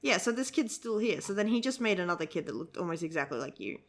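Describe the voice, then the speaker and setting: A woman's voice: on the low side, sing-song, fast talker. A young woman reviewing a manga chapter in a casual, rambling chat full of fillers and giggles. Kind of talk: casual reaction chat while reading aloud.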